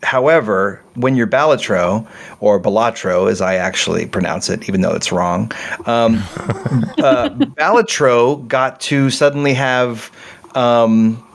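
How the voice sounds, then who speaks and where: A man's voice: mid-range voice, animated, a little slow, creaky. A middle-aged man talking casually as a game developer guest on a podcast, rambling and correcting himself as he tells a story with animation.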